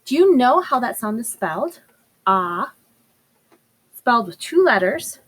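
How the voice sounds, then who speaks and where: Woman, first grade teacher, unhurried and clear, sounds out phonics. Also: a little high, sing-song, poor audio. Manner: sounds out words slowly and clearly. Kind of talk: slow, patient phonics lesson for young children.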